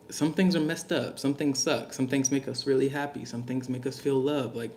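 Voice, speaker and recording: A man's voice: mid-range voice, slight background noise. Laid-back slangy man talking casually. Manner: loose and slangy, musing aloud with filler words. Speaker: tarot reader. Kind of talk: casual spoken reading to camera.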